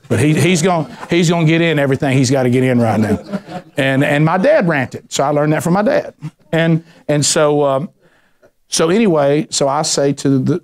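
A middle-aged man teaching a men's Bible study, telling lively stories and acting out voices. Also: mid-range voice. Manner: animated storyteller, acts out voices, ranting bursts.

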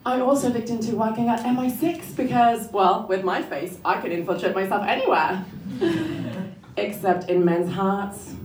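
A woman's voice: mid-range voice, moderate pace, darkish tone, a little hiss or hum. A young woman doing a stand-up comedy set, telling dry one-liners and laughing at her own jokes. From France. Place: comedy club stage. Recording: echoey room, voice from a distance. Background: audience laughter.

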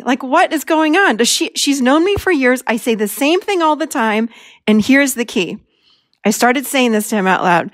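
A woman's voice: high-pitched, animated, normal speed, no echo, studio quality. A middle-aged woman hosting a podcast, telling a personal story as a lesson and acting out her own past lines with animation. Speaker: podcast host and therapist.

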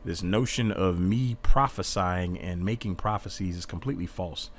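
A man's voice: sits low, moderate pace. A man teaching an informal Bible study in an earnest, defensive way, reading passages aloud and explaining them.

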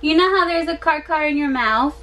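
A woman's voice: sits high, a little fast, sharp tone, a little hiss or hum. A young woman filming her family at home, giggling often and cooing baby talk at her toddler son. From United States. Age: young adult. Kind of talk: home video chat with a toddler.

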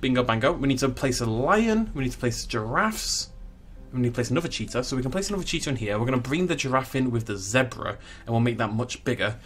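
A man's voice: mid-range voice, lively intonation, quick pace, fairly bright tone, faint music behind. A young man giving casual commentary as he plays a zoo game, chatting and cooing at the animals. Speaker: gaming channel host.

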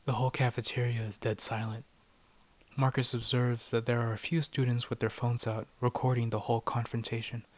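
A man narrating a short story in a steady, even dramatic reading. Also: mid-range voice, fairly quick, lo-fi sound.

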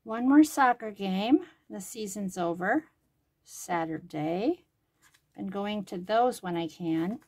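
A woman's voice: medium pitch, expressive, slow, darkish tone. A woman making things at home and talking to herself as she works, chatty and thinking aloud, now and then dropping to a whisper. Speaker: crafting vlogger. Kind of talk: casual talk to herself while crafting. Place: home craft room.

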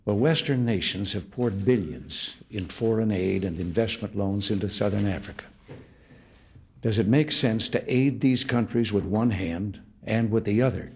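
A man in his seventies from the United States, delivering a formal policy address from a podium in a measured, deliberate way, phrase by phrase. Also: on the low side, creaky, slightly rough. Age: 70s. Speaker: head of state giving an address. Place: formal state room, indoors.

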